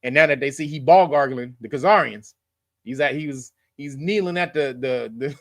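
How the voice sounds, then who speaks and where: A man's voice: medium pitch, moderate pace, no room sound, clean studio sound. A man hosting his own channel, giving casual political commentary in a loose, profane, joking way and laughing at his own lines. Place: lives in California.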